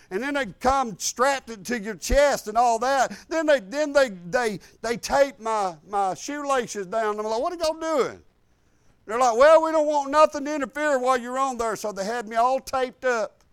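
An older man preaching a sermon, telling a funny personal story in a folksy, humorous way with low asides. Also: a bit bright, clear, resonant tone, dry recording.

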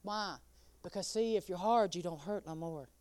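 A woman's voice: on the low side, normal speed, a little mellow, no echo. A woman preaching a sermon, laughing often and calling out listeners by name.

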